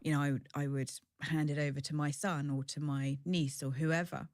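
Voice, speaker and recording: A woman's voice: deep voice, flat delivery, moderate pace, a little mellow, no room sound, studio quality. A woman in her forties speaking as an interview guest, frank, chatty and self-deprecating. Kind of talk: candid conversational storytelling.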